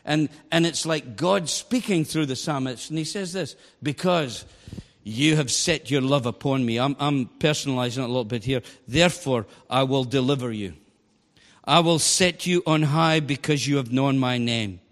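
Animated man preaching in an echoing hall. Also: medium pitch, moderate pace. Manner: animated, storytelling with bursts of shouting. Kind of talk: sermon. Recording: long hall reverb.

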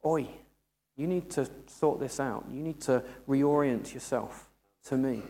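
A man's voice: mid-range voice, unhurried, gravelly, warm tone, pitched below the performer's own voice. A man voicing God as a blunt, stern figure scolding his people. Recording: echoey hall.

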